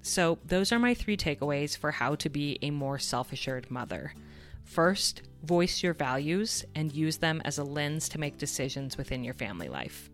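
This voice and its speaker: A woman's voice: deep voice, lively intonation, moderate pace, soft background music. A woman in her thirties hosting a parenting podcast, telling a personal story in an earnest, reflective way. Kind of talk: scripted podcast monologue.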